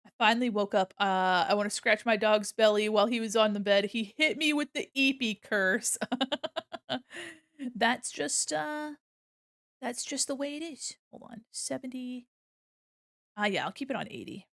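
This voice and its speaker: A woman's voice: fairly high pitch, normal speed, a bit bright, no echo, clean studio sound. A woman streaming her drawing session, chatting casually and giggling while she explains each step. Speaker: art streamer. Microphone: desk microphone.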